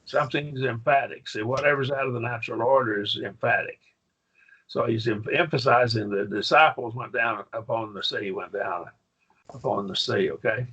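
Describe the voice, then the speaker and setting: Bright, husky male Greek teacher. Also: medium pitch, moderate pace, highs cut off. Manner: patient, quizzing students with questions. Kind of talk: classroom lesson.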